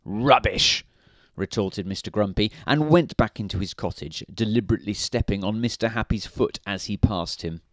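A man's voice: fairly low pitch, fairly quick, few pauses, no echo, studio quality. A man reading a children's story aloud in a playful way, now and then asking the listener questions.

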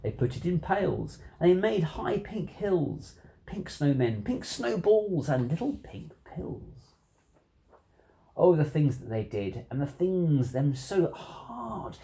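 A reader reading a rhyming children's book aloud in an animated singsong. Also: mid-range voice, slow, vocal fry. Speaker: storybook reader.

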